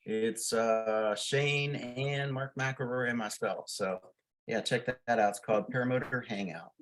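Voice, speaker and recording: A man's voice: medium pitch, steady tone, a little slow, fairly bright tone. Jokey man who laughs a lot. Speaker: panel regular, show organizer. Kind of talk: casual panel chat.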